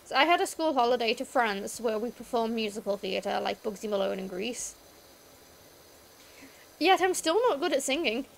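A young woman with a British accent chats away while she plays a game, drifting from story to story with plenty of "like" fillers. Her voice sits a little high and keeps a gravelly fry, with a faint hiss of noise underneath. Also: expressive, normal speed. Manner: rambling storytelling with many "like" fillers. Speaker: streamer. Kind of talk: casual chat while gaming.

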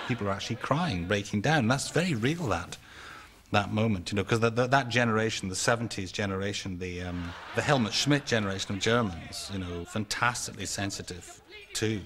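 Enthusiastic male commentator, low voice. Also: a little fast, noisy background. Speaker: interviewee.

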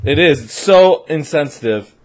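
A man's voice: fairly high pitch, animated, moderate pace. A young man gaming and joking with friends in casual, teasing banter, laughing often. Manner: jokey, teasing, laughs a lot. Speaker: gamer.

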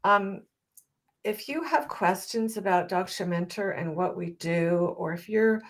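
Female co-host, low voice, slow unhurried delivery, friendly and quick to laugh. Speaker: co-host and dog show mentor. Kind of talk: live online chat show.

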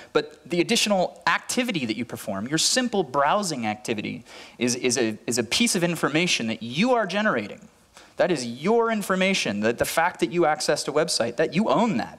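A man's voice: mid-range voice, fairly bright tone. A man giving a conference talk who speaks earnestly, often repeating words and restarting his sentences.

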